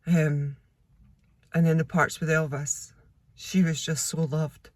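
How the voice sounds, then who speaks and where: A woman's voice: deep voice, flat delivery, takes it slowly, no room sound. A woman reviewing a book in a casual vlog. She talks in an effusive, emotional way with many fillers. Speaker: vlogger.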